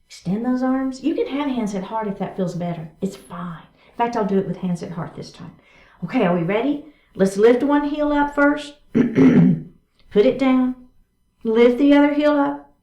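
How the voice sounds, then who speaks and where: A woman's voice: fairly high pitch, unhurried, dark tone, dull audio. A woman chair yoga instructor, cueing each movement step by step in an encouraging way during a guided class. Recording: echoey room from a distance.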